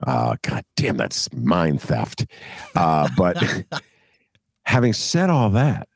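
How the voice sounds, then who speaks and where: A man, co-hosting a casual political chat podcast, rambling and animated, laughing often and full of fillers. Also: deep voice, drawn-out words, creaky, slightly rough, dry recording, clean studio sound. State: recovering from a cough. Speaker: podcast co-host and columnist.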